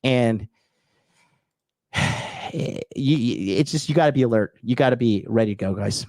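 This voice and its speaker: A man's voice: mid-range voice, unhurried, darkish tone, dry recording, studio quality. A man hosting a show, delivering heated, profane political commentary in an emphatic rant. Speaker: host.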